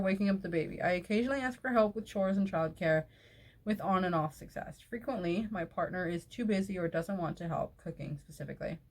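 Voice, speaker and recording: Woman host, mid-range voice, casual post reading with blunt, exasperated asides and frequent laughter. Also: medium pitch. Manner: outspoken and exasperated, swears, laughs often between remarks. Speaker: online video host reading reader posts. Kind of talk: reading posts aloud and reacting with casual commentary.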